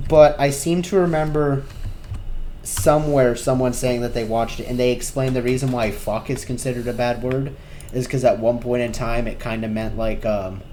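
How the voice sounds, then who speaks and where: A man's voice: mid-range voice, dark tone, a little hiss or hum. An American man co-hosting a casual comedy podcast, rambling and hesitant as he thinks aloud. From United States. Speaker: podcast co-host.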